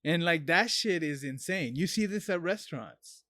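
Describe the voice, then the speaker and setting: A man co-hosting a podcast, telling stories in a casual, profane, animated way. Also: a little high, normal speed, dry recording, studio quality. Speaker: podcast co-host. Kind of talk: casual chat.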